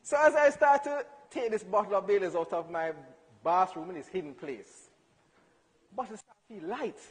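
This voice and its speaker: A young man telling a funny personal story in church, animated and acting out dialogue with laughs. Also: high voice, moderate pace. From Jamaica. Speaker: church speaker. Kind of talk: storytelling testimony. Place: church hall. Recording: hall reverb.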